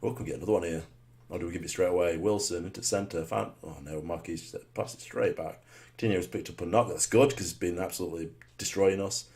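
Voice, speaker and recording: Speaking fast in a deep voice, a man commentates live on the football game he's playing, muttering rhetorical asides and suddenly shouting with excitement.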